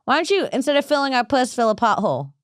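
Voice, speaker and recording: A woman's voice: high-pitched, very animated, fast talker, dry recording, studio quality. A woman comedian hosting a casual podcast, brash and rambling, often laughing at her own jokes.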